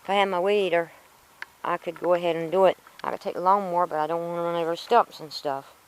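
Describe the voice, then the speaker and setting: A woman's voice: fairly low pitch, steady tone, quick pace, slight background noise, low-quality recording. Rambling woman talking to camera. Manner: rambling, frustrated, self-talking. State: in pain from a sore tooth. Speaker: vlogger. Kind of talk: casual chatty vlog. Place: outdoors in a yard.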